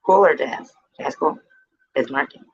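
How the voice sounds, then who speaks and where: A woman's voice: low voice, unhurried, husky, lo-fi sound. A woman hosting a casual livestream, chatting with viewers in a playful, teasing way and swearing freely. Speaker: livestream host.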